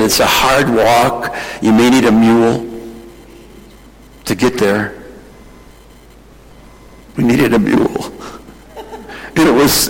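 Emotional preacher man in a reverberant hall. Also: medium pitch. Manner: emotional, tearful at moments, animated storytelling. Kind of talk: sermon storytelling.

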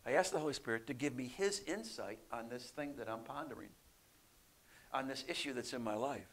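A man preaching a sermon, often asking his listeners questions and swinging between loud emphatic bursts and soft quiet lines. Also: mid-range voice. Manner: animated, rising loud for emphasis then dropping soft; asks the congregation questions often.

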